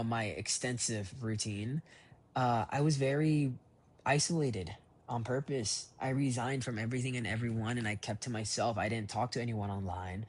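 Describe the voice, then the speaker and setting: A young man talks into his phone's voice memo app with a husky, breathy edge to his voice. He rambles in a loose, reflective way, restarting his sentences and leaning on fillers. His pitch sits in a middle range for a man. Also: a little mellow. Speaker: voice diary keeper. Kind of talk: personal voice memo diary.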